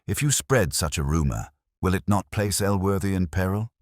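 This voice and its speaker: A man's voice: sits low, expressive, moderate pace, no echo, clean studio sound. A man voicing the detective's companion, protesting with concern. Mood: worried. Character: worried male companion of the detective.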